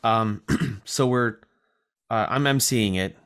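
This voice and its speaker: A man's voice: fairly low pitch, slow, fairly bright tone, clean tone. A man with a nasal voice, co-hosting a casual chat and telling a rambling story full of fillers and self-deprecating asides. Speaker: podcast co-host.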